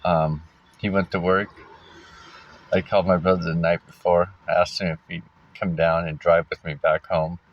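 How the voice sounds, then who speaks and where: A man with a very low voice tells his own story in a casual, halting way, stopping on fillers and restarting his sentences. A wry laugh slips in now and then. The recording sounds dull and lo-fi. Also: little pitch movement.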